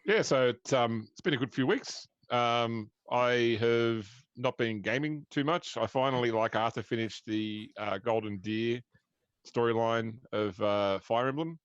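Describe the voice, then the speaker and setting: An Australian man chatting casually as game master, rambling with halting restarts. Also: mid-range voice, clean tone, no echo. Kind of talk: casual chat. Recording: dull, dry lo-fi mic.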